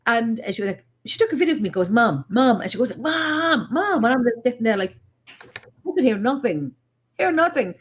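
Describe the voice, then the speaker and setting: A woman's voice: fairly high pitch, brisk, breathy edge. A middle-aged woman chatting on a paranormal panel, telling blunt, joking stories with lots of emphasis. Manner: animated, emphatic storyteller with blunt jokes. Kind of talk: casual panel chat.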